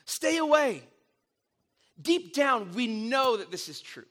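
A middle-aged man preaching a sermon, telling stories in an animated way with frequent restarts. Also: very high-pitched, unhurried. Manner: animated storytelling with repeated restarts. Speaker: pastor.

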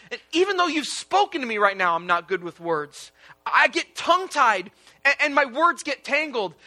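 A man's voice: high voice, bright, forceful tone. A man voicing Moses as an insecure, self-doubting man pleading with God during a sermon retelling. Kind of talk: sermon retelling with acted quotes.

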